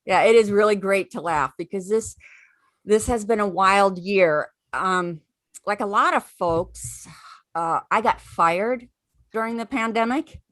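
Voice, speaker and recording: A woman from California does a wry, conversational stand-up bit. Her pitch sits in the middle for a woman, and the sound is dry and close, with no room echo. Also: unhurried, fairly bright tone. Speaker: stand-up comedian. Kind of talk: stand-up routine. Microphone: computer mic on a video call.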